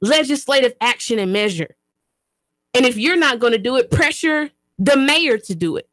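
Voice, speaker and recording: A high-pitched woman, talking into a studio microphone on her own radio show. She speaks with emphatic, preacher-like repetition. The sound is close and dry. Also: a bit bright, dry recording. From Chattanooga, Tennessee, US. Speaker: radio show host and community activist. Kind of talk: impassioned talk radio monologue.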